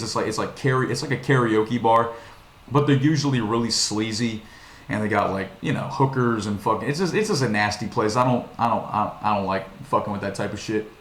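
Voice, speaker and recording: A young man from Virginia telling a story to his vlog viewers in a rambling, profane way, with many restarts. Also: mid-range voice. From Virginia, USA. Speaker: vlogger. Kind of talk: casual storytelling monologue. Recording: echoey room.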